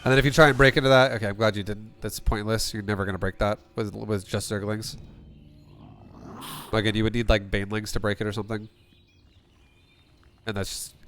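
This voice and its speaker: A man's voice: lowish voice, fairly bright tone. Blunt, rambling male game coach. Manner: blunt, rambling, frequent restarts and "like". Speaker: StarCraft coach. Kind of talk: casual replay coaching with profanity.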